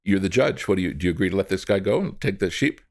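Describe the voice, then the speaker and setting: A man's voice: low-pitched, expressive, fast, a little mellow. A man telling a dramatic story to an audience, addressing its members directly. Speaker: storyteller, speaker.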